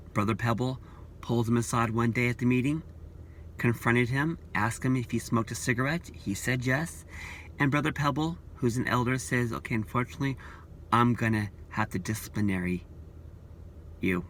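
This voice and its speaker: A man's voice: mid-range voice, a bit bright, a little hiss or hum. A man vlogging about church leaders, talking in an earnest, repetitive, preachy way. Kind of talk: casual opinion vlog.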